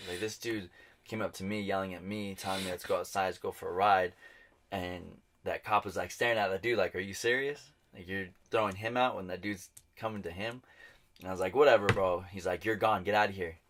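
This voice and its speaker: A man's voice: deep voice, a little fast. A man co-hosting a podcast, telling a bar fight story in casual chat, swearing and acting out what people said. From New Mexico, US. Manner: animated, swearing, acts out quotes. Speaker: podcast co-host.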